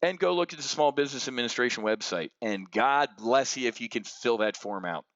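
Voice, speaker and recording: A man hosting an options trading show delivers an unscripted rant of blunt, heated market commentary, swinging from outrage to somber reflection. His voice is medium-pitched and fairly bright, a little fast, recorded lo-fi with no echo.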